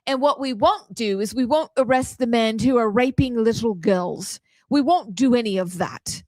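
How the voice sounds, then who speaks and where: Woman doing a put-on British accent, prim British lady, indignant, clipped, declaiming, slightly high voice, dry close sound. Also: normal speed, a little mellow, no room sound, lightly acted. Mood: defiant. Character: prim defiant British woman speaking for her nation. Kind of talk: comic impression on a talk show.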